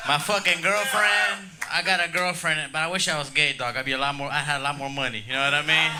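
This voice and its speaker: A man's voice: on the high side, steady tone, fast talker, heavy background noise. A man doing a crude, crowd-baiting stand-up set, often tagging jokes with "dog" and "you know what I mean.". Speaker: stand-up comedian. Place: comedy club stage.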